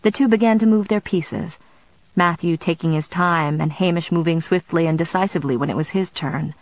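A woman narrating a novel in a measured, steady storytelling manner. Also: lowish voice, no echo, rough recording. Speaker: audiobook narrator. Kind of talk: scripted narration.

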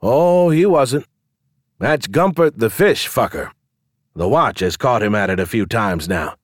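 A man's voice: mid-range voice, lively intonation, a little slow, dry recording, studio quality. A man voicing a male tavern barkeep who teases and mocks the customers. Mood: teasing. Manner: teasing, amused.

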